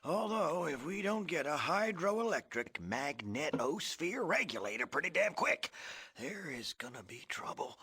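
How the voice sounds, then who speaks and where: An actor playing an old male ghoul caretaker, raspy and wheezing, with a folksy drawl and cackling laughs. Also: fairly high pitch, sing-song, unhurried, sharp tone, heavily acted. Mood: folksy rambling. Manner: drawling folksy hillbilly-like talk. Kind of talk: video game character dialogue.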